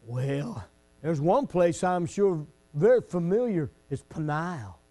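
A pastor who moves between folksy, chatty storytelling and shouted preaching. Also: male voice, on the high side, animated, takes it slowly. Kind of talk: sermon.

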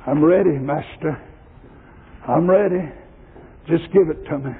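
A man voicing a humble old apostle stranded alone on an island, pleading in plain words, lower than his preaching voice. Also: measured pace, husky. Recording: tinny lo-fi recording in echoing hall.

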